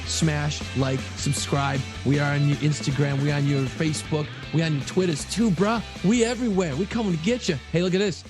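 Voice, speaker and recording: A man's voice: fairly high pitch, brisk, few pauses, over music. A middle-aged man co-hosting a casual podcast, telling loose, profane stories. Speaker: podcast co-host.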